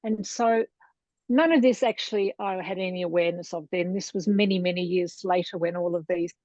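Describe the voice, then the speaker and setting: A middle-aged Australian woman, a Montessori lecturer appearing as a guest, tells her story in a casual interview, chatty and wandering and often laughing. Her voice is on the low side, steady, brisk and darkish. The recording is dull, dry and lo-fi with no echo.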